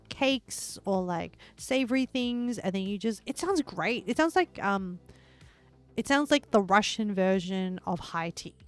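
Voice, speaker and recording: A woman livestreamer chatting casually while she builds in a game, rambling and excitable and laughing often. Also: mid-range voice.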